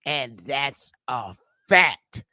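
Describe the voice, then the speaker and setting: This Connecticut vlogger in her fifties has a bass, expressive voice and talks extremely slowly over a noisy background. Her casual storytelling comes out as a blunt, emphatic, profanity-filled rant aimed at viewers.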